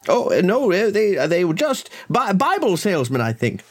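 A man's voice: high voice, huge pitch swings, pitched above the performer's own voice, exaggerated voice. A man voicing a nervous male butler who halts and hesitates. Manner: hesitant, halting.

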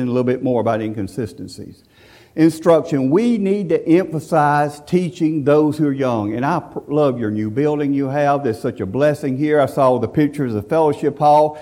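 A man's voice: a little high, a little mellow. A man preaching a folksy, emphatic sermon. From central Alabama, USA. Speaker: visiting preacher.

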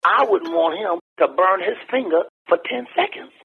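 An older man telling his story in an interview, talking bluntly and with animated, preacher-like emphasis. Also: normal speed, gravelly, husky. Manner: animated, preacher-like emphasis with wide pitch swings; folksy and blunt, laughs while talking. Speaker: interview guest. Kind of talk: candid conversational storytelling. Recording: tinny phone-like lo-fi line.

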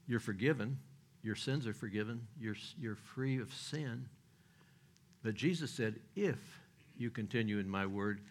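An older man preaching a sermon in a folksy, joking way, with loose restarts and chuckles. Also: medium pitch.

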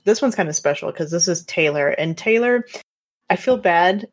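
A woman co-hosting a casual podcast, reacting in a relaxed, quick way. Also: on the low side. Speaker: podcast co-host.

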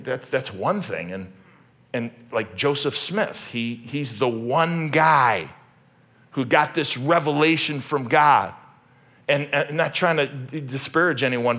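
A male pastor preaching a sermon with animated, sarcastic emphasis, moving from loud shouted repetition to conversational asides with frequent restarts. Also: fairly high pitch.

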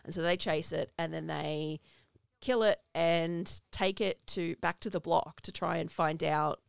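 Gravelly, chatty woman recapping a movie. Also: sits low, steady tone, measured pace, dry recording, clean studio sound. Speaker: podcast co-host. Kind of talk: casual movie discussion.

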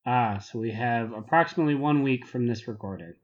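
A man co-hosting a casual gaming podcast, wry and quick to laugh. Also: medium pitch, lo-fi sound. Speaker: podcast co-host.

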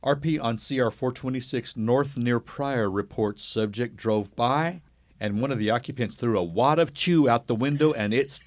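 A man's voice: mid-range voice, moderate pace, dry recording. A man co-hosting a casual podcast, giggly and reading entries aloud with relish. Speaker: podcast co-host. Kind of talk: casual chat.

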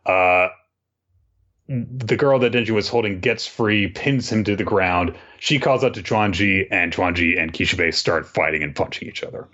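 A man in casual chat, recapping manga chapters as a podcast co-host, relaxed and swearing freely. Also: low voice, moderate pace. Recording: dull lo-fi sound.

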